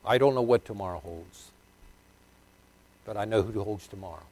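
An older man preaching a sermon, swinging from loud, emphatic bursts to quiet, low asides, chuckling and asking his congregation questions. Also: normal speed.

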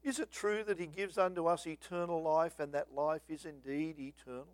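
A man with a high voice delivers a sermon in a dry, close recording. He swings between hushed asides and loud, dramatic bursts as he acts out the story. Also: fairly even intonation, moderate pace, no room sound. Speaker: preacher.

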